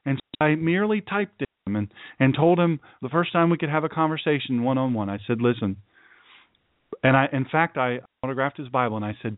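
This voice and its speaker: This radio host talks a little fast at a medium pitch, hammering his message with repeated phrases in an earnest, folksy, preachy style. His voice arrives dry and tinny through a thin, phone-like line, with no surrounding room sound.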